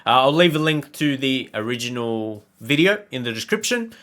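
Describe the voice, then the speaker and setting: Bright-voiced man hosting a reaction video. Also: mid-range voice, very animated, moderate pace. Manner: loose, rambling, with fillers. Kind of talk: casual reaction commentary.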